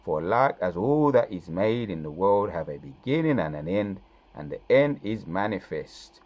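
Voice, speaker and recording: A man preaching from scripture, reading verses slowly and breaking in with "right?" and "man" to drive points home. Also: sits low, big pitch swings, dull audio. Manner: reads verses slowly then comments with frequent "right?" and "man". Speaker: scripture teacher.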